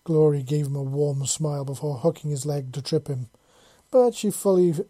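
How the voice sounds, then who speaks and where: A narrator reading a chapter of fan fiction aloud with steady, even pacing. The voice is very dark and mellow, and the recording is dry and close with no room sound. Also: medium pitch, moderate pace, dry recording. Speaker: audiobook narrator.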